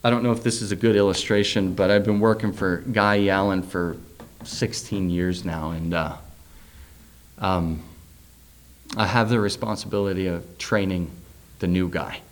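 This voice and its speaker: In a sermon, a middle-aged man reads a scripture passage and then loosely unpacks it, with fillers and questions for those listening. His voice sits low, steady in tone, at a moderate pace.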